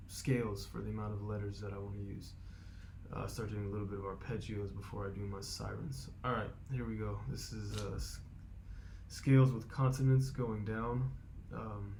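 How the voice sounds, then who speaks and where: A man talking through his vocal warm-up routine, explaining step by step and thinking aloud with fillers. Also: fairly low pitch, creaky, slight background noise. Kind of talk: casual instructional vlog.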